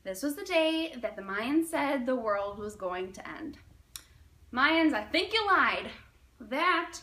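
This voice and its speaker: A young woman in her twenties tells a casual personal anecdote with animated, dramatic delivery. Her voice is high and bright, and "like" peppers her sentences. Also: takes it slowly. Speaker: storyteller.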